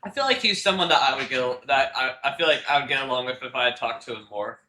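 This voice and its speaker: A man's voice: mid-range voice, animated, fast talker, sharp tone. A teenage boy co-hosting a casual podcast, rambling with many fillers and restarts and laughing often. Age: teens. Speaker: podcast co-host. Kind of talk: casual chat. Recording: echoey room with faint noise.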